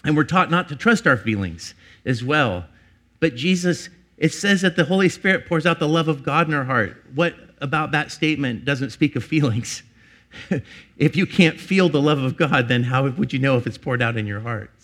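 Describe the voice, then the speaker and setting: A middle-aged man preaching a sermon as pastor, earnest and confessional, climbing to emphatic peaks and dropping low and personal. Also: moderate pace, fairly bright tone.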